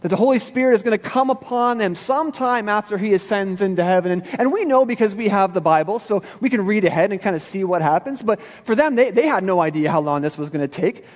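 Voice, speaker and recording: High-voiced pastor preaching in a reverberant hall. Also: male voice, expressive, fast talker, hardly any pauses. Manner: conversational, casual slang. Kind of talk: sermon. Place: church sanctuary.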